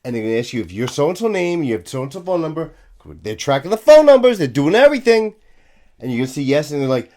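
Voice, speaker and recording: A man's voice: on the high side, sing-song, a little fast, a little mellow. A man, a police officer giving a profane, scornful ranting commentary.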